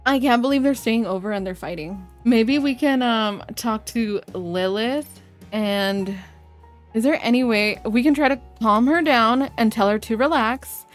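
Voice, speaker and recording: A young woman chatting excitedly through a live game stream, gasping and reacting as things happen. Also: high voice, moderate pace, soft background music. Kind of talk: live let's-play commentary.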